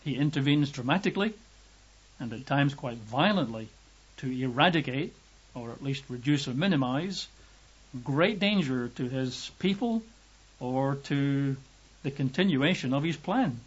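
A man from Britain preaching a lively, emphatic sermon, raising his voice to act out quotes. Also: a little slow, slightly rough. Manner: lively emphatic, acts out quotes with raised pitch. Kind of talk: sermon teaching. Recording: dull lo-fi recording.

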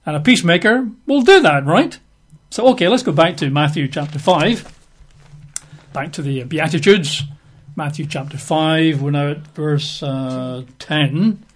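A man's voice: on the high side, measured pace. A man giving a conversational Bible teaching, chatty and wry, with frequent fillers.

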